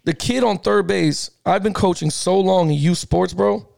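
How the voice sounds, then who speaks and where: A middle-aged man co-hosting a casual sports podcast. He tells a heated story in an animated, slangy way, repeats himself and laughs often. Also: sits high, moderate pace, vocal fry, dry recording, clean studio sound. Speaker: podcast co-host.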